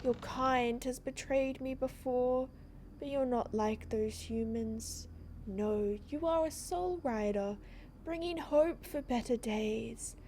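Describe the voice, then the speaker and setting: A woman voicing an ancient, wise tree spirit in a game, speaking in a hushed, solemn way. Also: a little high, slow, slight background noise. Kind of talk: reading game dialogue aloud.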